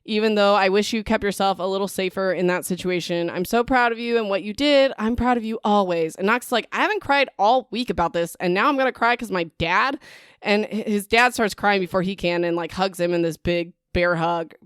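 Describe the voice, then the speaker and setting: A young woman hosting a book podcast, recapping chapters in a chatty, excitable way, full of "like" and "whatever" asides. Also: mid-range voice, fairly quick, clear, resonant tone, dry recording, studio quality.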